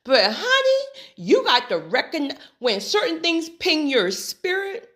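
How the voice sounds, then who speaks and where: Animated woman preaching casually to viewers. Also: high-pitched, measured pace. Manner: animated, preachy, laughs often, says "honey" and "right?". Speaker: spiritual talk host. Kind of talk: casual faith-based monologue.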